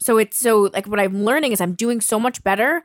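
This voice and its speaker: A young woman talking bluntly in a casual chat, animated and swearing freely. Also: on the high side, a little fast, dry recording, studio quality.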